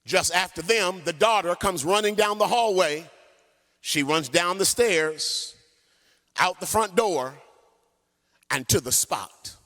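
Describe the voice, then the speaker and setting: A man pastor preaching a sermon and telling a story in an animated way, sometimes singing his phrases. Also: sits high, takes it slowly, pauses often. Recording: long church hall reverb.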